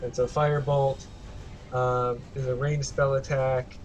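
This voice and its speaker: A man's voice: mid-range voice, level tone, measured pace. Give me a man playing a character in a tabletop game. He describes his turns plainly and adds a light, playful whine. Faint music runs underneath. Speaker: player.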